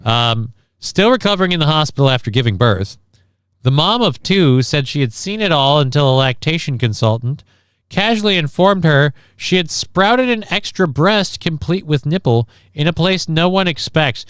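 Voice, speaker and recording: Casting note: male streamer, casual and crude, smooth clear voice, dry close mic. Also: fairly high pitch, expressive, normal speed, a bit bright, dry recording. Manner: offhand, profane, reads chat and news aloud. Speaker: livestream host. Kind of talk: casual livestream chat.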